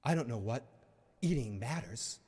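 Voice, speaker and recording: A man voicing a gloomy young male seer who speaks in a flat, mournful monotone. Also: medium pitch, normal speed, breathy edge.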